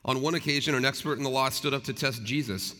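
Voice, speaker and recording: A man's voice: mid-range voice, steady tone, fast, sharp tone. A male pastor preaching a sermon, speaking earnestly and conversationally and asking his listeners rhetorical questions. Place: church sanctuary. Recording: long reverb of a large hall.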